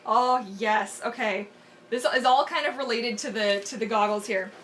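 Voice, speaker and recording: A woman's voice: fairly high pitch, moderate pace, slight background noise. Chatty young woman live-streaming. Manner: chatty and animated, laughs often, thinks aloud. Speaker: mermaid performer hosting a live Q&A. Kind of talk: casual live-stream chat.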